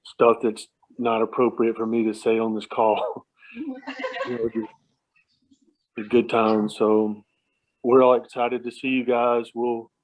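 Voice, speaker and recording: His voice is medium-pitched and a little mellow, coming through a tinny phone line at home at night. He's a relative recalling family memories at a remembrance, casually storytelling, rambling, frequently chuckling and starting his sentences over.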